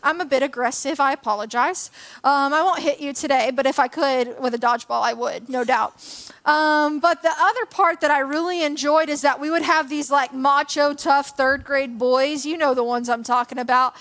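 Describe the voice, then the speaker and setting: A woman's voice: high voice, moderate pace, a bit bright. A woman in her twenties giving a church message, telling a personal story in a chatty, self-deprecating way with plenty of fillers. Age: 20s. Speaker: church speaker. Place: church hall.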